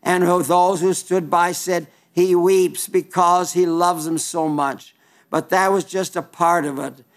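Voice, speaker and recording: A man preaching a sermon, emphatic and folksy, quoting scripture in King James wording and dropping into low, wry asides. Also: steady tone, unhurried.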